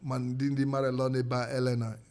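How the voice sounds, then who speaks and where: A young man with a Nigerian accent, a podcast guest explaining in casual conversation, animated and full of restarts. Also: medium pitch, a little fast.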